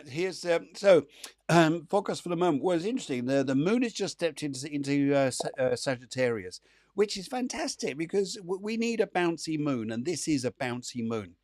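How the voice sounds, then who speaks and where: A man's voice: mid-range voice, a little mellow, dry recording. Guy running a live stream show from home, chatty, lots of ums, dry close sound. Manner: chatty, upbeat, rambling with many fillers. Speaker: psychic medium hosting a live show. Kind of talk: casual live-stream chat.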